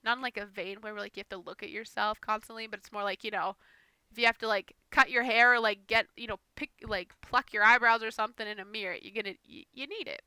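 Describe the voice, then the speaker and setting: Brief: young woman, rambling voiceover commentary, slightly higher, very bright, smooth voice. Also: steady tone, fast, dry recording. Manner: chatty, rambling, self-conscious. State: a little nervous. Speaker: gaming streamer. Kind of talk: casual gameplay voiceover commentary.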